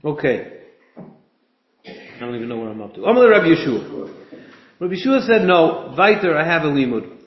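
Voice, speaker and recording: A man talks through a Talmud passage with his study partners. He thinks aloud and slips into a singsong chant on the quoted text. The voice sits a little high, and the sound is dull and lo-fi, with a roomy echo. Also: big pitch swings, normal speed, pauses often. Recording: echoey room, dull lo-fi sound.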